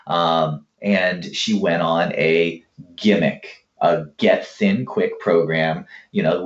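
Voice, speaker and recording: A man working as a fitness coach, telling client stories in a lively, casual way and acting out both sides of the talk. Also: low-pitched. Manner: animated, acts out client conversations. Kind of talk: casual storytelling interview answer. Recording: roomy, dull lo-fi sound.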